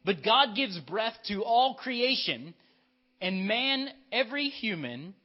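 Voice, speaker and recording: Male pastor, fairly high voice, lively storytelling sermon, dull lo-fi church audio. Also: slow. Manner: lively, storytelling, directs children in a skit.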